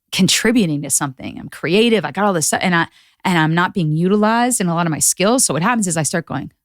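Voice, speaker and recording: A woman guest on a podcast, chatting casually and acting out quotes with lively voices. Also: on the low side, no room sound, studio quality. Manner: animated storyteller acting out quotes. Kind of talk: casual chat.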